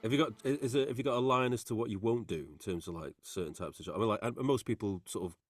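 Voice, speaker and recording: A man with a soft Manchester accent, co-hosting a podcast in an easygoing, self-mocking way. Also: medium pitch, fast, faint music behind. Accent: Mancunian. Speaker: podcast co-host. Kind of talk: casual podcast chat.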